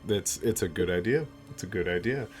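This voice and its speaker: A deep-voiced man runs a tabletop game and narrates with loose, chatty asides. His speech is full of ums and restarts. Soft music plays underneath. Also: a little fast. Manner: relaxed, chatty, with filler words. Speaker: game master.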